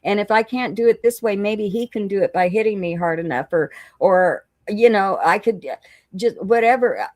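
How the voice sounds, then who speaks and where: A woman's voice: mid-range voice, normal speed, darkish tone, no room sound. A middle-aged woman candidly telling her recovery story, emotional at times and retelling conversations as quoted dialogue. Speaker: guest sharing recovery story.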